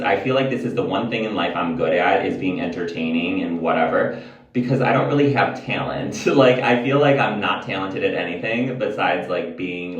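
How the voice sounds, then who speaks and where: Talking casually to his camera, this American vlogger rambles candidly and curses freely. His voice sits low with the highs cut off, captured in a roomy space from a distant mic.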